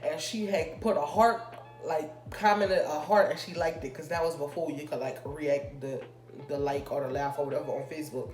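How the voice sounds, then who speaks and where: A woman's voice: deep voice, steady tone, darkish tone. A young woman vlogger telling a personal story in casual, rambling chat full of fillers. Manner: chatty, rambling, drawn-out fillers. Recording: echoey room with faint music.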